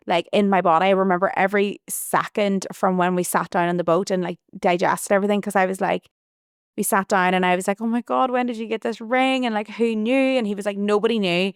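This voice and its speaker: A woman's voice: mid-range voice, gravelly, clean tone, dry recording, clean studio sound. A woman hosting her own podcast, telling a personal story in a chatty, rambling way with lots of "like". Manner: chatty, rambling, heavy use of "like". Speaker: podcast host. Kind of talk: casual storytelling monologue.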